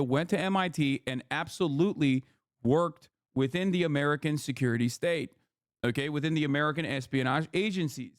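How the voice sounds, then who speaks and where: A man in his thirties streaming political commentary from home, his somewhat high voice climbing when he gets worked up. He talks in heated, profane, incredulous bursts into a close desk mic with a dry, dead sound. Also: no room sound. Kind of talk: casual livestream commentary.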